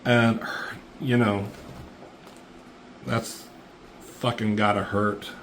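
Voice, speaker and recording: A man's voice: on the low side, drawn-out words, a little hiss or hum. A man casually recapping a comic book page by page, swearing freely and getting worked up over the fight scenes, with lots of fillers. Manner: profane, excitable play-by-play with lots of fillers.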